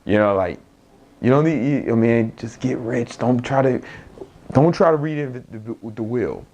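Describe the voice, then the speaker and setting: A man's voice: mid-range voice, moderate pace, a little mellow. A young man, an entrepreneur, giving a blunt, profane motivational talk with frequent laughs and restarts.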